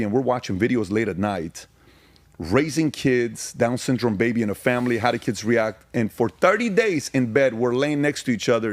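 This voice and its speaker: A middle-aged man tells his life story as a guest on a podcast, emphatic and repetitive in his stress. His voice sits at an ordinary middle pitch. The sound is close and dry, with no room echo. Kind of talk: testimony in a podcast interview.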